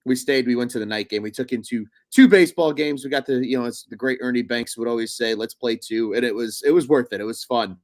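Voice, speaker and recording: A man's voice: mid-range voice, quick pace, hardly any pauses, no room sound. Young guy cohosting a sports show, rambly, lots of ums and restarts. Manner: chatty, rambling with many fillers and restarts. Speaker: podcast co-host. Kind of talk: casual sports talk.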